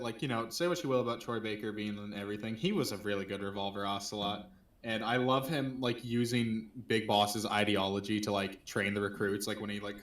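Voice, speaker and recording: A man's voice: fairly low pitch, fairly bright tone. A man chatting loosely about games as co-host, swearing and laughing as he rambles. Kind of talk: casual gaming chat. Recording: echoey room, distant mic.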